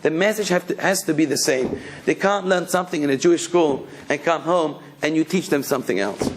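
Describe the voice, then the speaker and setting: Man preaching, storytelling, kinda high voice. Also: a little fast, slight background noise. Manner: telling a story, then exhorting the listeners. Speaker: rabbi. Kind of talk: sermon storytelling.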